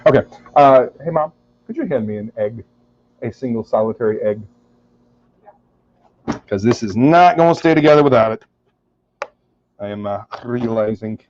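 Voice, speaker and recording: A man's voice: mid-range voice, moderate pace, long pauses, darkish tone. A man cooking in his home kitchen, chatting casually with viewers in a wry, joking way and swearing now and then. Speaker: cooking streamer. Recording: muffled lo-fi home recording.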